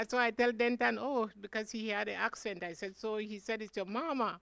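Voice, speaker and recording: Slow-talking woman with a gravelly voice. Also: on the high side, fairly bright tone. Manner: slow, rambling storytelling. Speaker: eulogy speaker, cousin of the deceased. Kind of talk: funeral remembrance speech. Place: funeral home.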